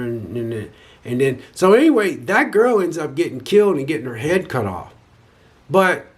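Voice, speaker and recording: A man's voice: on the high side, husky. A man casually retelling a movie's plot in a rambling way, restarting sentences and using informal grammar. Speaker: movie reviewer.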